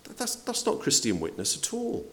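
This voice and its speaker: Lively male preacher. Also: a little high, moderate pace. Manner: conversational preaching with rhetorical questions and acted-out quotes. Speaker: pastor. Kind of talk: sermon.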